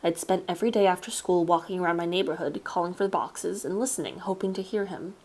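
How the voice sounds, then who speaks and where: A woman streamer reading a story aloud live, in a measured storytelling manner with casual asides. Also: fairly low pitch, darkish tone. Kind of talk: live read-aloud narration.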